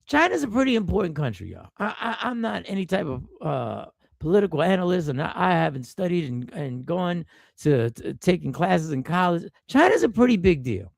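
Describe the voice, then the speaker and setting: A man's voice: high-pitched, sing-song, a little fast, no room sound, studio quality. A man hosting a casual live stream, talking with a stuffy nose from a cold, riffing and repeating himself as he greets viewers by name. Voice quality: gravelly.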